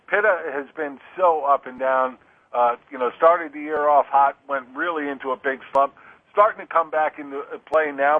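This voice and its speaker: A man giving fantasy football analysis as a guest, with frequent restarts and fillers. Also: on the high side. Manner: hesitant restarts, lots of "you know". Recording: tinny phone line.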